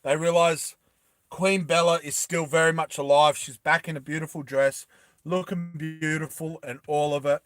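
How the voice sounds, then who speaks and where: A man telling a story casually to a live chat, unhurried, in a slightly higher, bright and forward voice. He is animated, laughs often and acts out the characters as he goes. The sound is dry and close. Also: clean tone, no room sound, faint music behind.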